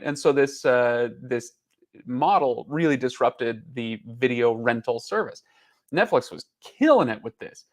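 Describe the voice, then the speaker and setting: A man's voice: medium pitch, lively intonation, unhurried. A man in his thirties hosting a casual talk, rambling with many fillers and restarts while on the road. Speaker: channel host. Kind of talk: casual chat.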